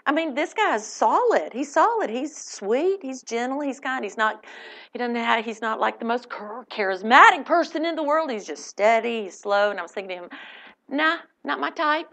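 A woman telling a personal faith story to a live audience, animated and laughing, acting out quotes. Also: on the high side, normal speed. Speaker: speaker at a Christian event.

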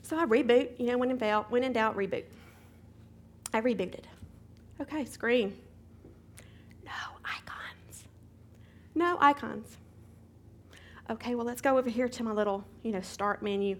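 Middle-aged lady telling a story at bible study, lots of drama, bit higher pitched. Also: brisk, a little hiss or hum. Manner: animated, dramatic retelling with sound effects. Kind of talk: storytelling testimony in a teaching.

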